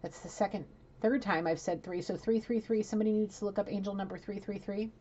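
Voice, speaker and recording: A woman's voice: mid-range voice, fairly even intonation, fast, dark tone, muffled recording, slight background noise. A woman giving a rambling, blunt psychic reading in a casual, chatty way. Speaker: psychic tarot reader.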